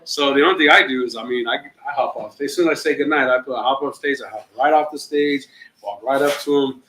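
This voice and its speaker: A man's voice: mid-range voice, quick pace, slight background noise. Profane man spinning a story, echoey room. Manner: loose, profane, animated storytelling. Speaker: comedian guest. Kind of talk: casual storytelling on a podcast.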